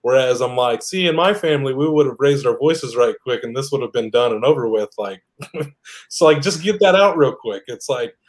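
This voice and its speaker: A man's voice: medium pitch, moderate pace. Blunt, chatty man who laughs often. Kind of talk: casual chat.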